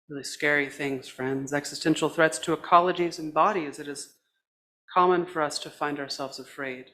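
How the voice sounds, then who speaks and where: A man preaching a sermon as a minister, with a measured, reflective delivery in short phrases. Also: fairly high pitch, a bit bright.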